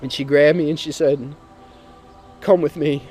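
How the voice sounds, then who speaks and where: A man's voice: a little high, steady tone, normal speed, darkish tone, soft background music. A man earnestly and emotionally telling his personal testimony, sometimes repeating himself as he speaks.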